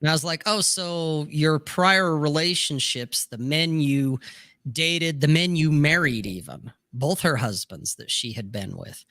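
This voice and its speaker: A middle-aged man with a bright, fairly high voice spins a frank personal anecdote for his podcast co-hosts. He swears easily and leans on "you know" to keep the story moving. He sounds close to the mic in a dry, dead room. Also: measured pace, dry recording. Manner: candid, profane anecdote with frequent "you know". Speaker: podcast co-host. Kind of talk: casual storytelling on a podcast panel.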